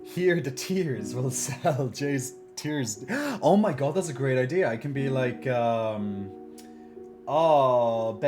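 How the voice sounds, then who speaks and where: A man talks off the cuff to his stream audience, teasing and joking, often stalling on fillers and restarting his sentences. His voice sits in an ordinary middle pitch. A faint bed of music plays behind him. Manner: mock-solemn when playing up sad news. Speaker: live streamer. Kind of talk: casual live-stream chat to viewers.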